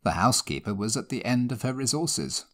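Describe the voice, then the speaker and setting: A man reading a classic ghost story aloud, in a measured, expressive storytelling manner. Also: mid-range voice. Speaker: narrator. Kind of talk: scripted narration of a ghost story.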